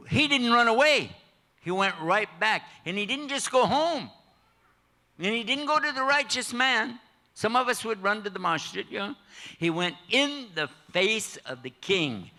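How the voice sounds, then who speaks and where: A man's voice: fairly high pitch, vocal fry. An older man giving a storytelling sermon at a mosque, joking with listeners and acting out the characters in the story. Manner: animated, jokey, acts out characters. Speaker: preacher. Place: mosque hall.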